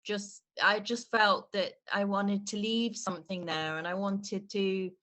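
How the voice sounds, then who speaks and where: A woman performance artist speaking on a video call, earnest and halting, with many restarts and a voice heavy with emotion. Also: medium pitch, fairly even intonation, sharp tone. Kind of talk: online exhibition talk.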